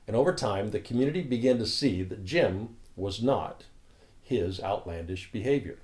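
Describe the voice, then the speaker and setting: A man who leads a spiritual community, telling a story in a calm, earnest, reflective way. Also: mid-range voice, normal speed.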